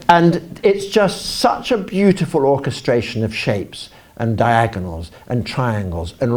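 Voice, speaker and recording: An older English man speaking at a conference, animated and self-deprecating, rambling with restarts. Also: mid-range voice. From England. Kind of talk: live talk to an audience. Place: conference auditorium.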